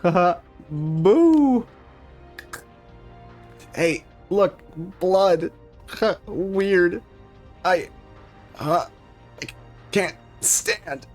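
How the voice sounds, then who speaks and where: A man's voice: high-pitched, lively intonation, very slow, pauses often, a little mellow, faint music behind, pitched above the performer's own voice, heavily acted. A man voicing a giggling, bloodthirsty young woman villain from a video game, with cackling, sing-song taunts. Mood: giddy.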